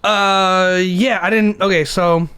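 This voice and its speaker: A young man chatting loosely on a podcast over beers, his voice sitting a touch higher than most men's. He rambles, laughs easily and jumps up high to imitate others, recorded close and dry with no room sound. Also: fairly even intonation, takes it slowly, sharp tone, clear, resonant tone, dry recording. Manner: rambling, laughs often, jumps up high when mimicking people. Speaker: podcast co-host. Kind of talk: casual chat over beers.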